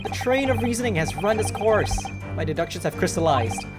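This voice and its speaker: A woman doing a grandly theatrical gentleman detective from a video game, puffed up and sure of every wrong guess. His put-on voice booms lively and loud, rising and falling with grand flourish. Loud game music plays behind him. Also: fairly quick, natural voice. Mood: grandiose. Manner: booming, self-assured proclamations. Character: pompous eccentric male detective, grandly theatrical.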